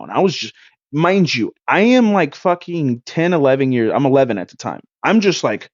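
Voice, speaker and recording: A young man in his twenties, co-hosting a podcast and telling a story in a loose, profane, animated way. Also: medium pitch, a little fast, no echo. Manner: animated, profane, swings his voice up when excited. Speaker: podcast co-host. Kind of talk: casual storytelling. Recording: dull, dry lo-fi sound.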